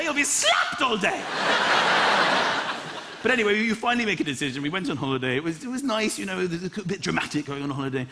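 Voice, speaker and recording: High-voiced stand-up host with a loud crowd. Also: male voice, brisk. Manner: animated, bursts into loud acted-out voices. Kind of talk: stand-up comedy routine. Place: comedy stage, live audience. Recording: live audience noise.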